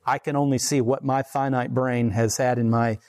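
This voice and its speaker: A man's voice: mid-range voice, level tone, a little mellow. A man in his forties giving a casual, conversational sermon and chuckling between points. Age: 40s. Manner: conversational, chuckling, slows down to read scripture. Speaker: preacher.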